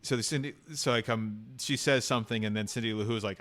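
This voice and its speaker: A man on a movie podcast panel, recapping scenes in a relaxed, rambling way. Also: lowish voice, fast talker. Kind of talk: casual movie-review chat.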